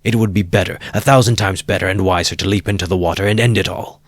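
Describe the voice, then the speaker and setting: A man's voice: deep voice, fairly even intonation, no echo. Man doing a brooding feverish young man. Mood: intense. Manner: slow, brooding and intense. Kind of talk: audiobook character voice.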